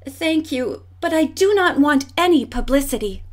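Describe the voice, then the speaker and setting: A woman's voice: sits high, expressive, moderate pace. A woman reading an audiobook, voicing an anxious, secretive elderly woman who speaks formally. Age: older. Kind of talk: audiobook character voice.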